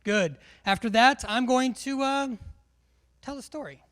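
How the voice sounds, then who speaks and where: A man's voice: very high-pitched, measured pace, fairly bright tone, clear, resonant tone. A man, a military instructor giving a live classroom briefing in a large hall, joking and quizzing his audience.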